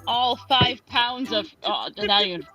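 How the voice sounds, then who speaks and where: A woman's voice: a little high, animated, unhurried, over music, poor audio. A woman playing a tabletop game, speaking briefly and hesitantly. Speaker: player.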